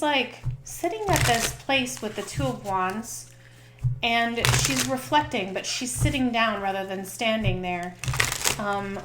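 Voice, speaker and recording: A woman's voice: medium pitch, echoey room, very noisy. A woman giving a casual tarot reading in a chatty, filler-heavy way, often tagging on "right?" and "okay?". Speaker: tarot reader and spiritual coach.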